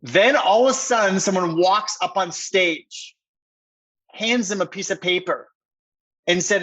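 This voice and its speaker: A man, a podcast guest, telling a story with excitement in a rambling, conversational way, full of fillers. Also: high-pitched, unhurried, long pauses, husky, muffled recording. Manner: excited, rambling, heavy use of "like".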